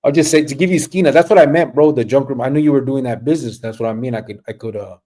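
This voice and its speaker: Laid-back man, dark mellow voice. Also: mid-range voice, racing. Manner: relaxed, rambling, with Spanish slang. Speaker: livestream host. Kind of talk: casual livestream chat reading comments.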